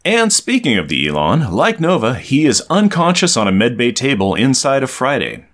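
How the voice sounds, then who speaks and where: A man's voice: medium pitch, huge pitch swings, normal speed. A man co-hosting a casual podcast, recapping a comic book in a wry, storytelling way. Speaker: podcast co-host.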